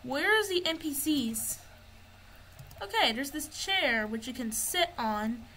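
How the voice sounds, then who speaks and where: High, bright-voiced woman playing a game. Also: animated, takes it slowly, a little hiss or hum, poor audio. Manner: narrates what she finds as she explores. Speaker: gamer. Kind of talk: gameplay commentary.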